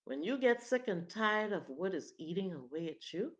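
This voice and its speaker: A woman's voice: lowish voice, expressive, normal speed. A woman preaching a dramatic, emphatic sermon and often asking "hmm?" to draw in her listeners.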